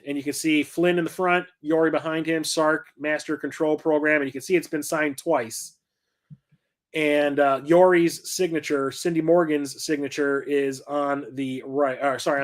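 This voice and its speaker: A middle-aged man hosting a casual show-and-tell vlog about his collection, telling rambling anecdotes full of fillers and self-corrections. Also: on the high side. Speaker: collector and channel host.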